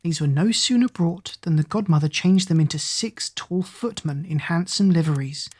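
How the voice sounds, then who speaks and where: A woman narrating a bedtime fairy tale for children in a calm, soothing way. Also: fairly low pitch, normal speed, breathy edge. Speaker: storyteller.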